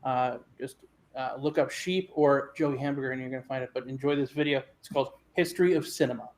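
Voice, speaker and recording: A man's voice: medium pitch, quick pace. A man hosting a live comedy show, rambling through introductions with many fillers. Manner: rambling, lots of fillers and restarts.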